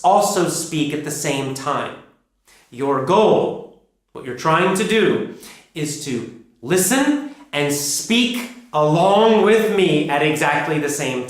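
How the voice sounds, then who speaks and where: A man teaching English pronunciation, explaining practice steps in an energetic, emphatic, repetitive coaching manner. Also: fairly high pitch. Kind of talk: instructional explanation. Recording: very echoey room.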